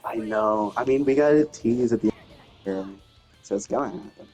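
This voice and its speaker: A man's voice: mid-range voice, normal speed, a little mellow, faint music behind. A man chatting casually as a gaming co-host, laid-back, reacting briefly to stories. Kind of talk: casual chat.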